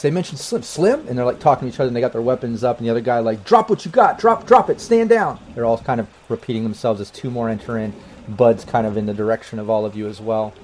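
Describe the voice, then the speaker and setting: A man's voice: lowish voice, mellow, slight background noise. A man narrating a tabletop game as game master, rambling with many restarts.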